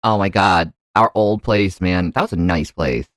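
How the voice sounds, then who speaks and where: A man's voice: deep voice, normal speed, a bit bright, no echo, studio quality. A man in his forties from Connecticut, co-hosting a casual chat while reacting to a video, playful and musing aloud. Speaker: podcast co-host.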